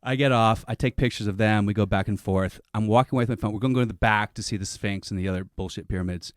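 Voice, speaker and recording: A man's voice: lowish voice, fast, no echo. A man in a dry close-mic studio, telling a comic story on a podcast in a rambling, self-interrupting way with frequent restarts.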